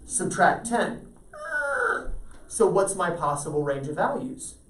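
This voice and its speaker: This math lecture features a man with a voice on the high side, speaking slowly with lively intonation. He works through problems and keeps checking in with the class to make sure they follow. The sound is echoey, with his voice coming from a distance.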